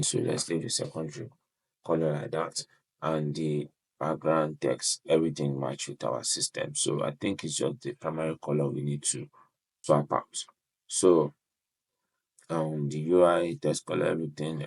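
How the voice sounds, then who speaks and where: A man's voice: extremely low pitch, vocal fry, breathy edge. A man hosting a web design tutorial, talking casually as he clicks through settings, starting most phrases with "so" and apologizing often. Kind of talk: casual screen-share walkthrough.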